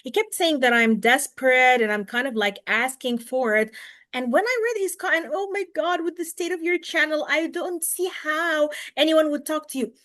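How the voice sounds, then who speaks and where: A woman hosting a podcast over a video call, her voice sitting a little high. She talks casually and animatedly, dropping to a hush and then bursting loud as she acts out what others said. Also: normal speed. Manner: animated, swings between soft and loud, acts out quotes. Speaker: podcast host.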